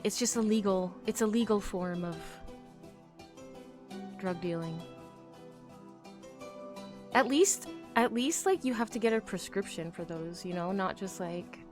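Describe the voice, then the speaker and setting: An American woman streamer with a mid-range voice chats casually with her chat while crafting, rambling with fillers and trailing off into quiet mutters as she works.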